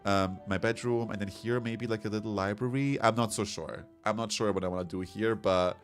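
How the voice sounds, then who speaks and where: A man's voice: fairly low pitch, brisk. A man streaming a game, chatting casually and rambling as he reads chat comments aloud. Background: soft background music.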